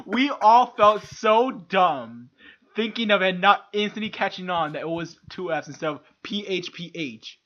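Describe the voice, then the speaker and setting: Casual podcast co-host, male, crisp bright tone, profane storyteller, slightly dull recording. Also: high-pitched, expressive, a little slow. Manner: profane, laughs through his stories.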